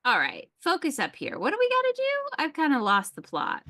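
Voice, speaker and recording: Woman, chatty stream banter, bright tone, lively intonation. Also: high-pitched. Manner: chatty, teasing, quick banter. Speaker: game stream co-host. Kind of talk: casual chat while playing.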